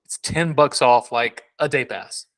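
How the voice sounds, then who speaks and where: A man's voice: medium pitch, unhurried, a bit bright. A man co-hosting a casual podcast, rambling and joking with many restarts. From South Carolina. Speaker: podcast co-host.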